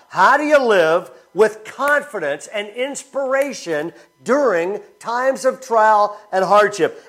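A man preaching a sermon as pastor, telling stories and asking the congregation questions. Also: high voice. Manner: storytelling, animated, asks the congregation questions.

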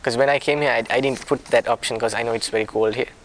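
A man leading a small discussion group, talking in a soft, apologetic way with many restarts. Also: mid-range voice, steady tone, fast talker. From a warm-climate country. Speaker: discussion leader. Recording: background noise.

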